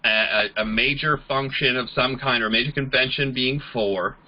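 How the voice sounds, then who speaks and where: A man giving a network marketing training talk, an animated storyteller who acts out the people he quotes. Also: mid-range voice, moderate pace, lo-fi sound.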